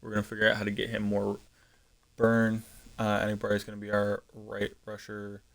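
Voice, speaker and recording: A gaming streamer plays a football video game and offers casual live commentary, thinking aloud with frequent ums and self-corrections. His lowish voice carries vocal fry, and he talks at a moderate pace with a completely flat delivery.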